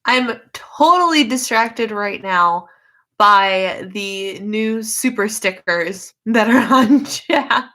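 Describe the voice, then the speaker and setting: A woman's voice: mid-range voice, lively intonation, takes it slowly, pushed and bright. A woman hosting a casual livestream, chatty and easily sidetracked, with lots of fillers. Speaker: YouTube livestream host.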